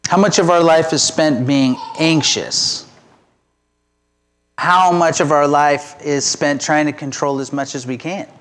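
A man's voice: on the high side, fairly even intonation, a little slow, fairly bright tone. A middle-aged man giving a conversational, self-deprecating sermon as pastor.

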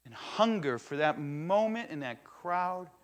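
A man preaching a sermon, retelling a story in a casual, animated storytelling way. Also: a little high, measured pace. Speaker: pastor.

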